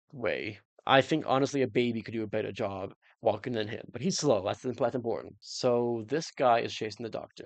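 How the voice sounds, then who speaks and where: A man in a casual, jokey recap of a TV episode, rambling through his theories with sudden excited jumps in pitch. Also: creaky, dry recording. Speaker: reaction channel host.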